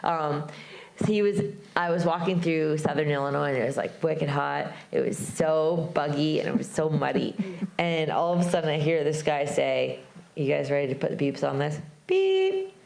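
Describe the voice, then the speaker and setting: A woman with a low voice and a gravelly edge tells a hiking story to a live crowd. She is animated and throws herself into the voices of the people she met. The room gives her voice a roomy echo. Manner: animated storyteller, acts out voices, laughs often. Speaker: guest speaker, long-distance hiker. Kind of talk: storytelling talk to a live audience. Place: club venue before a live audience.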